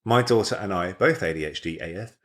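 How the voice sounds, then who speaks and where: A man's voice: low-pitched, expressive, fairly quick, a bit bright. Playful man co-hosting a podcast. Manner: laughs easily, playful. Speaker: podcast co-host. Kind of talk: casual podcast chat reading listener stories.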